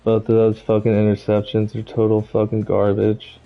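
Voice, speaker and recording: A man's voice: on the low side, completely flat delivery, moderate pace. Guy streaming a football game, cussing nonstop, kinda muffled lo-fi mic, faint music behind. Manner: angry, profane ranting, rising to shouts at plays. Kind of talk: live gameplay commentary.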